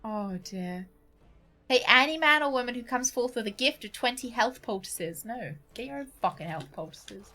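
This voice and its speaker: A woman's voice: on the high side, expressive, moderate pace, sharp tone, soft background music. A British woman streaming a game in casual chat, laughing, swearing and ranting with mock indignation. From Britain. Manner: swears freely, laughs, rants with exaggerated indignation.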